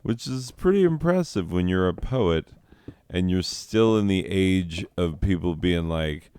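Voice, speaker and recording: A man with a lowish voice talks slowly and loosely, rambling and swearing while stoned. His voice is smooth and clear, recorded dry and close with no room sound. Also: lively intonation, darkish tone, dry recording. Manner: rambling, profane, laughs often at his own jokes. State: high. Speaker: host. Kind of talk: rambling gameplay chat.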